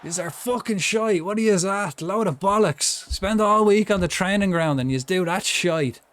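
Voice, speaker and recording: A man's voice: sits high, moderate pace, voice pushed up. A man putting on a furious, foul-mouthed football manager berating his players. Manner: shouting, swearing.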